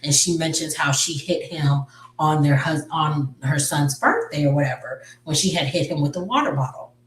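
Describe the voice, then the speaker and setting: A woman's voice: low-pitched, moderate pace. A woman casually retelling a movie's story, rambling with lots of fillers and self-corrections. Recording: roomy, distant mic.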